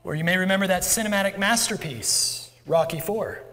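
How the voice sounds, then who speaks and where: A man's voice: high voice, a little fast, pushed and bright. A male pastor preaching a sermon in a church, conversational and self-deprecating. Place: church sanctuary. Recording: long church hall reverb.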